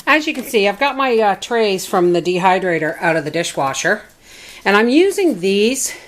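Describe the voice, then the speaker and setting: A woman's voice: mid-range voice, very animated, moderate pace. Chatty folksy woman demonstrating in her kitchen. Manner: chatty and folksy, talks through each step. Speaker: homestead vlogger demonstrating food preservation.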